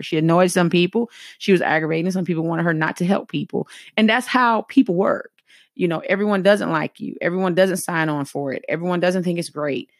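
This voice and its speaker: A middle-aged motivational speaker from the American South gives her viewers an earnest, conversational pep talk, speaking her inner thoughts aloud as she goes. Her Southern woman's voice runs on the low side. The studio recording is clean with no room sound.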